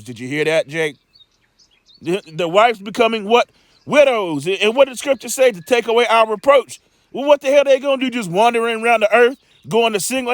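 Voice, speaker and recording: A man's voice: high-pitched, a bit bright, dry recording. A man teaching scripture in a loose sermon style, rambling and emphatic, with lots of stammering restarts and streetwise asides.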